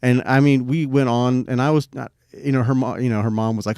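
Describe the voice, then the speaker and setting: Middle-aged man, podcast co-host, casual storytelling, rambling, profane, average pitch, dry recording. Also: steady tone, fairly quick, hardly any pauses, darkish tone, smooth, no room sound. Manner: laid-back, rambling, swears freely.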